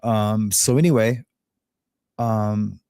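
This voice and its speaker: A man's voice: lowish voice, steady tone, slow, dark tone, clear, resonant tone, no echo, studio quality. A man from Los Angeles hosting a show, telling a rambling, candid story in a casual monologue and laughing at his own jokes. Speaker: show host.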